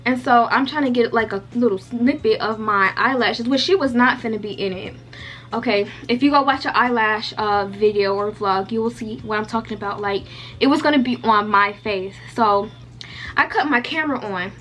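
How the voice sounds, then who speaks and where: A woman's voice: a little high, normal speed, a bit bright. A young woman vlogger telling a storytime casually, chatty and candid with lots of fillers and some swearing. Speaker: beauty vlogger.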